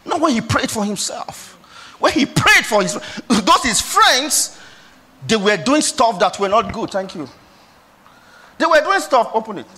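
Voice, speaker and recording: A man with a Nigerian accent preaching a sermon as a pastor, moving between soft pleading questions and loud exhortation. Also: very high-pitched, big pitch swings, a little slow, slightly rough.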